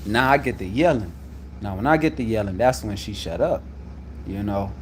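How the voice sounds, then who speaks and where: A man telling a story about a workplace conflict, getting loud when he acts out what was said. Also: on the low side, normal speed, a little hiss or hum. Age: adult. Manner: animated, loud when reenacting quotes. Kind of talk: casual storytelling to viewers.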